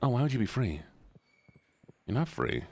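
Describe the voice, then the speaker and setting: A man's voice: mid-range voice, wildly swooping pitch, moderate pace, a little mellow, a little hiss or hum. A man streaming a game live, chatting casually and rambling as he jokes with his viewers.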